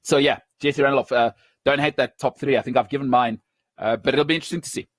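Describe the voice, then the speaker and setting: A man's voice: mid-range voice, steady tone, fast, no room sound. A South African man hosting a sports talk show, chatty and opinionated, wandering into side stories and laughing at himself.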